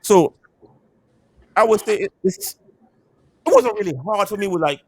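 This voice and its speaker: A man in his fifties from an island, telling stories in casual chat in a barbershop. He talks in an animated way, swears, and often repeats and restarts his words. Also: high voice, a little slow, breathy edge, dry recording. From Caribbean island. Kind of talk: casual storytelling.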